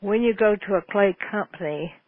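Over lo-fi, phone-like radio sound with a little faint noise, a woman hosts a call-in advice program, responding to listeners in a folksy, homey, wandering way. She speaks at medium pitch and a moderate pace.

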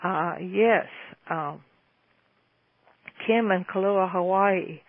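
A woman in her seventies with a medium-pitched voice hosts a call-in Q&A, answering listener questions in a chatty, folksy, enthusiastic way. Her voice comes through a tinny, phone-like line, and the sound is dry with no room echo.

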